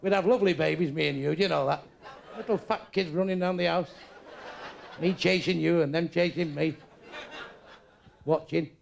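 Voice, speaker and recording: A man's voice: on the high side, moderate pace, vocal fry, long pauses. An older man doing live stand-up, bluntly and crudely teasing people in the audience. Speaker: stand-up comedian. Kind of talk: live stand-up crowd work. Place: comedy club stage. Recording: live club recording with background noise.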